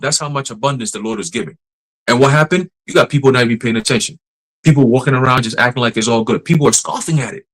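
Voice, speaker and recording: A man preaching casually on a livestream, blunt and profane, laughing often and slowing down to read scripture verses. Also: medium pitch, low-quality recording.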